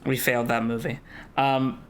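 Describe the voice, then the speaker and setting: A man co-hosting a podcast in casual chat, excitable and leaning on "like" as he talks. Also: medium pitch, a loud crowd. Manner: excitable, fast bursts, heavy use of "like". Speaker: podcast co-host.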